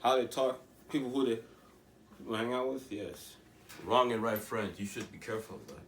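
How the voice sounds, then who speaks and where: A man's voice: medium pitch, normal speed, roomy sound, recorded from a distance, noisy background. A teenage boy talking in a rambling, emphatic way, often restarting and asking rhetorical questions. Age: teens. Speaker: vlogger. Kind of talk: casual monologue to camera.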